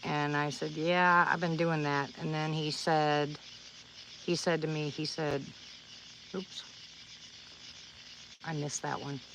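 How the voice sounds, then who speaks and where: A woman's voice: low-pitched, little pitch movement, slow pace, long pauses, noisy background. A woman livestreaming outdoors at night, telling a personal story to her viewers in a rambling, earnest way, with many restarts. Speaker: livestream vlogger.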